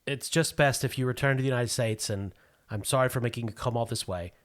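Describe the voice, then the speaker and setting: A man's voice: medium pitch, quick pace, lightly acted. Man voicing a grieving, guarded woman agent. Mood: subdued. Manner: soft, apologetic, quietly evasive.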